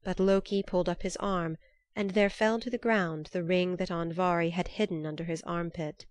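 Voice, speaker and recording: A woman reads an old myth aloud in a measured, unhurried way. Her voice sits fairly low, and the sound is dry and close with no room around it. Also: fairly even intonation, no echo. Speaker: narrator. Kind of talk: storybook narration.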